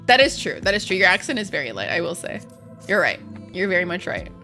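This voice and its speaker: A woman chats with her stream audience while she plays, loose, profane and quick to answer comments. Her voice is bright with a sharp edge. Faint music runs quietly behind her. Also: fairly low pitch, very animated. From Canada. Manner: chatty, profane, quick to react to chat, switches into Arabic. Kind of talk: casual live-stream chat while gaming.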